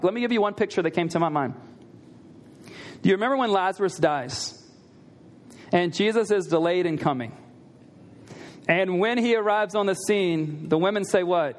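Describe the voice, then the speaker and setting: High-voiced pastor preaching a sermon. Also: male voice. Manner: conversational, asks the listeners rhetorical questions; repeats key phrases for emphasis.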